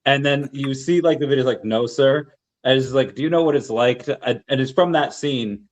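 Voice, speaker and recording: A man hosting a podcast recalls a story in easygoing chat, sometimes pausing to find the right words. His voice sits at an ordinary middle pitch. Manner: relaxed retelling, searching for words. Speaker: podcast host. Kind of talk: casual chat.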